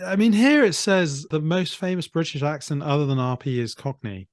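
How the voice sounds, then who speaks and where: A man's voice: fairly high pitch, animated, normal speed, no echo, clean studio sound. A man hosting a casual podcast chat, reading aloud from an article and prompting with tag questions. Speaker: podcast host.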